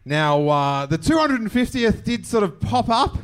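A high-voiced man hosting a live podcast on stage. His pitch bounces all over the place as he jokes and hypes up his guests with a showman's flair. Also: moderate pace, a faint crowd, slight background noise. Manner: animated, jokey, showman-like introductions. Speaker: podcast host. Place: live venue before an audience.

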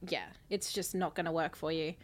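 A woman's voice: deep voice, steady tone, a little fast. A woman co-hosting a podcast, joking cheekily and laughing in casual chat. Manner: cheeky, laughing, crude jokes. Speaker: podcast co-host.

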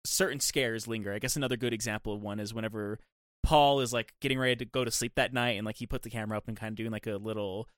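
Fast-talking young man, rambling chat. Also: fairly low pitch, fairly even intonation, a bit bright, no room sound, studio quality. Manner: rambling, many "like" fillers. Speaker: podcast co-host. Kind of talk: casual chat.

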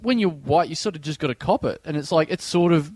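An Australian man, a comedian and podcast host, telling long, rambling anecdotes in casual chat and slipping into animated impressions. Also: fairly high pitch, fast, dry recording.

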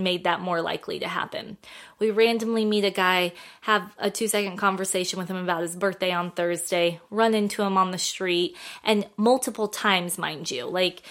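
A woman's voice: mid-range voice, fairly bright tone. A woman hosting a talk show, telling a story casually in a chatty way, full of fillers and little acted-out quotes. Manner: chatty, filler-heavy, acts out quotes in a lifted voice.

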